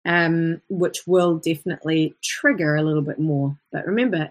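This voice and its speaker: This voice coach, a woman with an Australian accent, talks fairly quickly with few pauses in a low, husky voice. During her live online singing lesson she's chatty, dropping in short vocal demos mid-explanation.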